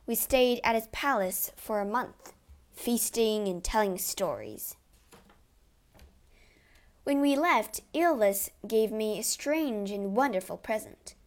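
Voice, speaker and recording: A woman narrating a storybook adventure in the first person, measured and expressive. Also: on the high side.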